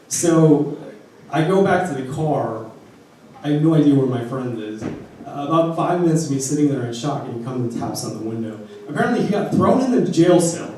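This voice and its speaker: A man from Arizona tells a personal story in a casual, animated way. He slips into the voices of the people he quotes. He sounds far from the mic in a very echoey room, with faint ambient hum. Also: a little high, moderate pace.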